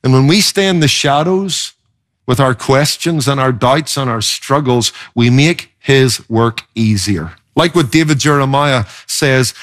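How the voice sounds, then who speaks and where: Preaching with emphasis and plenty of expression, a male pastor keeps a measured pace and frequently shifts his pitch for dramatic effect.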